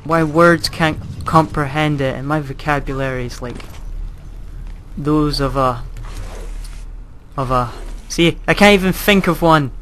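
A young man talks through a video game in a fairly high voice. He mocks himself, cracks sarcastic jokes and swears when a jump goes wrong. A faint hum of noise sits under his voice. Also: unhurried, long pauses, fairly bright tone. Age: young adult. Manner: self-mocking, sarcastic, swears when frustrated. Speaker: gaming commentator. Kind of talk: casual gameplay commentary.

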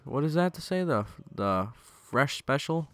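A young gaming channel host offers loose, joking commentary on his own gameplay through a gaming headset, swearing and addressing the on-screen enemies. His voice is a little high and sing-song, with a measured pace and clean tone.

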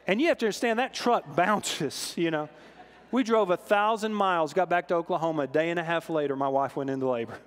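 A man preaching a sermon, telling stories with animated swings between loud emphasis and soft, solemn lows. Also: a little fast. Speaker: pastor. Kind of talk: sermon storytelling. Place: church sanctuary. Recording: long hall reverb in a church.

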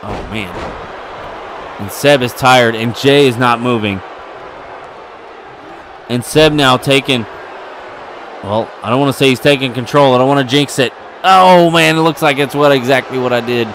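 A man giving excitable play-by-play commentary over a wrestling video game, getting louder at the big moments. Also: mid-range voice, moderate pace, long pauses, a little hiss or hum. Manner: excitable, building to yelling at near falls.

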